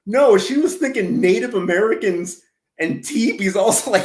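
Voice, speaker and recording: A man with a slightly higher voice chats loosely through his commentary, wandering off into stories and laughing at himself. The room around him rings with echo. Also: lively intonation, moderate pace, darkish tone. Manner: rambling, self-deprecating, laughs often. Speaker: commentary channel host. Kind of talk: casual reaction commentary.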